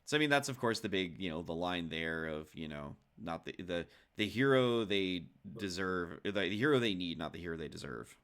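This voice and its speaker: A man's voice: low-pitched, lively intonation, moderate pace, hardly any pauses, fairly bright tone, clear, resonant tone. A man co-hosting a casual film podcast, rambling and restarting his phrases as he talks. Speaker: podcast co-host.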